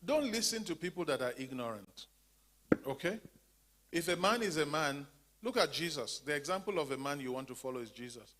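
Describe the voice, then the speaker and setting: A man teaches a church class, pitching questions and pausing for the group to finish his sentences. His voice sits a little higher than most men's, and he repeats key words with emphasis. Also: lively intonation, fairly bright tone. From Zambia. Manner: call-and-response questioning, leaves sentences open for the class to finish. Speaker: teacher of a faith-based women's class.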